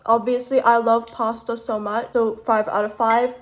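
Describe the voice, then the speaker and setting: A woman's voice: on the high side, flat delivery, moderate pace. A young woman chatting casually to viewers as she cooks and eats, a little sleep-deprived and slurring slightly. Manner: chatty, talks to viewers while cooking and eating. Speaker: vlogger. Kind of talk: casual cooking vlog narration.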